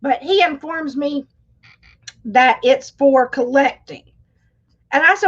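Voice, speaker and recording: High-voiced chatty woman. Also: slow pace, long pauses, highs cut off. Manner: chatty, talks straight to viewers. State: coughing, irritated throat. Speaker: livestream host; schoolteacher. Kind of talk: casual live chat.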